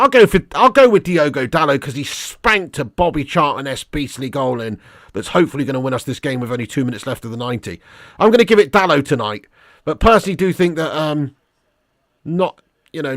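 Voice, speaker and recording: A man hosting a live football watch-along, excitable and sweary, reading out fan messages and calling listeners lad and mate. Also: on the high side, fast, dry recording, clean studio sound.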